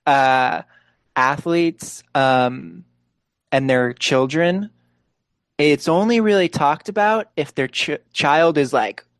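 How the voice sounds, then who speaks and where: A young man in casual sports chat on a podcast, relaxed and filling his talk with "like". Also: on the high side, slow, clean tone, no room sound. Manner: relaxed, leans heavily on "like" fillers. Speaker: podcast co-host.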